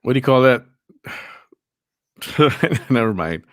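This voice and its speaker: A man's voice: medium pitch, animated, slow pace, dry recording, clean studio sound. A man hosting a live chat show, reading viewer comments aloud in an easygoing way. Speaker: host.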